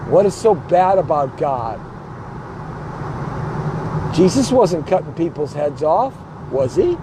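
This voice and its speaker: A man's voice: fairly high pitch, sing-song, takes it slowly, noisy background. A man hosting his own show, delivering a blunt political rant built on repeated rhetorical questions. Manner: emphatic, hammering rhetorical questions; blunt and combative. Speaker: show host.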